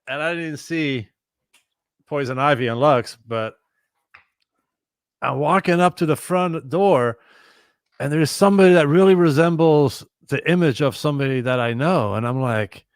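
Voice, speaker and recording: A man telling a long story as a guest on a live chat show, animated and swearing freely as he acts out what people said. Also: on the high side, a little slow, long pauses, clear, resonant tone, no room sound, clean studio sound. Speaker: guest musician and former tour manager.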